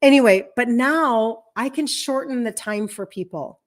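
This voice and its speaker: A woman in her fifties speaks casually to viewers on a live stream, sharing health coaching at her desk. Her voice sits on the higher side, and her delivery is chatty and meandering, with lively acted-out quotes. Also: unhurried. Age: 50s. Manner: chatty and rambling, acts out quoted speech.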